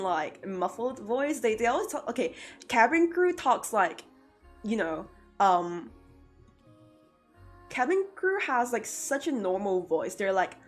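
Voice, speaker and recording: A woman's voice: on the high side, sing-song, takes it slowly, soft background music. A young woman, chatting casually with viewers on her art livestream and laughing often. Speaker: art streamer.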